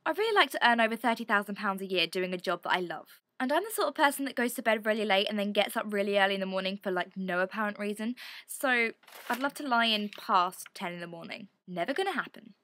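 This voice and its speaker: A woman's voice: mid-range voice, lively intonation, fast, a bit bright, dry recording, studio quality. A young woman, chatting to camera in a rambling, self-deprecating way. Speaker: vlogger. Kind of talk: casual chat to camera.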